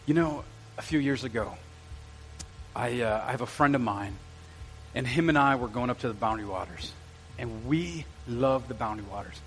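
A man's voice: medium pitch, moderate pace, pauses often, a little hiss or hum. A man, a pastor preaching a sermon in a church, telling stories in a conversational way and talking straight to the congregation. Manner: storytelling, conversational with asides to the congregation. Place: church sanctuary.

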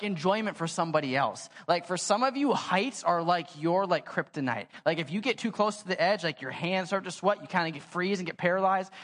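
A young adult man preaching a sermon in a church. He tells stories casually and with animation, using lots of "like," and his voice has a long church reverb. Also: sits high. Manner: casual, animated storytelling with many "like" fillers. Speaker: pastor. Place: church sanctuary.

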